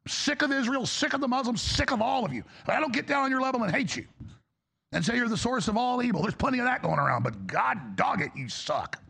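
A man's voice: extremely high pitch, very animated, fast talker, pushed and bright. A male talk show host delivering an angry, exasperated political rant, blunt and profane. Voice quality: gravelly.

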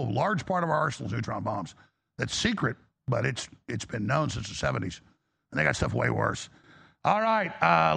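Male talk host, raspy gravelly voice, rambling, acts out quotes. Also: fairly high pitch, a bit bright. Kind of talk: call-in talk show.

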